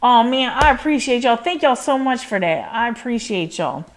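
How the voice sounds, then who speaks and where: A woman's voice: on the high side, expressive, moderate pace. A woman hosting a casual livestream chat, talking loosely with lots of "like" and swearing, and gushing thanks to her viewers. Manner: casual, frequent swearing and filler "like". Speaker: livestream host.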